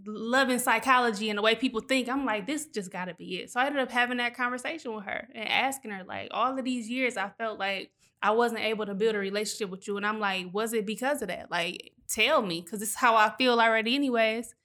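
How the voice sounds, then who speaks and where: A woman chatting candidly in a heart-to-heart conversation, telling stories in an animated way. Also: on the high side, fairly quick, few pauses. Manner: chatty, animated storytelling, many likes.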